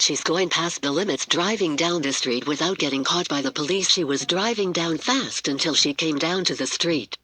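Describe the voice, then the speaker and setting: A man's voice: fairly high pitch, pushed and bright, low-quality recording. A man telling an improvised story in a rambling, muddled way, often correcting himself.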